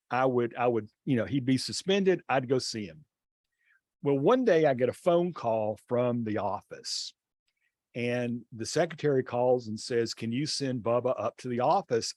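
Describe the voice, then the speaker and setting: A male teacher telling a classroom story in an online class over a video call, acting out the dialogue with lively changes of voice. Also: medium pitch, no room sound, clean studio sound. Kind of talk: storytelling lecture.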